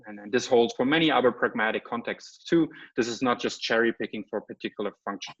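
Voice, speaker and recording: Brief: male guest lecturer, mid-pitched, explanatory, checking in with the audience, dull lo-fi video-call sound. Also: fast, a bit bright, husky. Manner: explanatory, checks in with "right?" and "okay?". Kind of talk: academic lecture. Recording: slightly muffled lecture audio.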